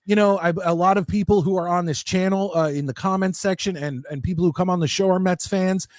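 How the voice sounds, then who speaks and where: A man hosting a live sports talk show, chatty and excited, reading viewer comments aloud. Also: high voice, fast, dry recording. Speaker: host.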